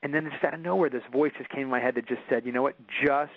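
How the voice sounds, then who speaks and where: A man's voice: medium pitch, rapid-fire, slightly rough, no room sound. A man as an interview guest, telling a personal story in earnest with frequent restarts. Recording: dull dry recording.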